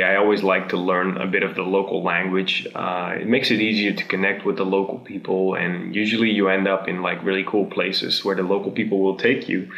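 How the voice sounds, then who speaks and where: Man, Dutch accent, young adult, low gravelly voice, bright tone, casual tutorial chat. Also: reverberant, highs cut off. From Netherlands. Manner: chatty, relaxed, many "uh" pauses. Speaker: video host.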